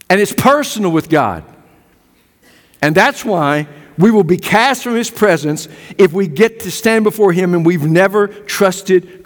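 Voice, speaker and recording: Older preacher with swinging intensity. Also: male voice. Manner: dramatic swings from loud emphatic peaks to hushed low storytelling. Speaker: pastor. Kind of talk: sermon. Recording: long hall reverb.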